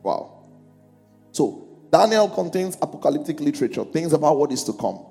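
A man's voice: on the high side, big pitch swings, moderate pace, creaky, dark tone. A man preaching a sermon in a church, calling out questions to the congregation and lifting his voice to read scripture aloud. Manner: calls out questions to the congregation, lifts his voice when reading scripture. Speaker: pastor. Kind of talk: sermon with congregation reading along. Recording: music under a long echoing hall.

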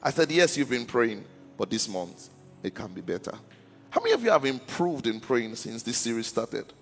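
A pastor preaches a sermon in a church, his medium-pitched voice trailing off into a long reverb tail. He stammers often, restarting words, and keeps asking the congregation whether they're listening.

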